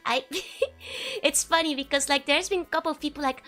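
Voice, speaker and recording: Giggly dutch lady streamer chatting, high voice, faint music behind. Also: a little slow, long pauses, a bit bright. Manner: giggly, laughs often, playful. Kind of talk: casual live-stream chat.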